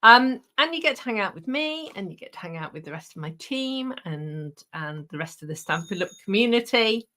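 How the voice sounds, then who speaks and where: A woman's voice: medium pitch, animated, fairly quick, few pauses, bright, forceful tone. A middle-aged woman hosting a casual live craft chat with viewers, chatty and laughing, with many ums and restarts. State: out of breath. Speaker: craft show host.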